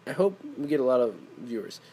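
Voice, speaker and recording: A man's voice: mid-range voice, sing-song, quick pace, mellow, breathy edge. Young male podcast host, casual banter, keeps it light and playful. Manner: laughing, jokey, mimics voices in bursts. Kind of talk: casual chat.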